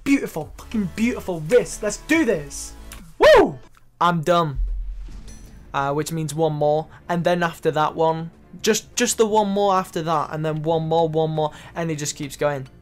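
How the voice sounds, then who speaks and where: Excitable gamer over faint music. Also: male voice, a little high, normal speed. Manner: excitable, swears freely, loud exclamations. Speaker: gaming YouTuber. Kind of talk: gameplay commentary. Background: faint background music.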